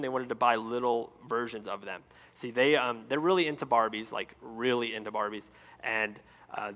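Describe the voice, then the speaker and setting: A man in his thirties preaching a sermon, telling stories with lively, playful asides. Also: a little high. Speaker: pastor. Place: church auditorium. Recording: echoey hall with long reverb.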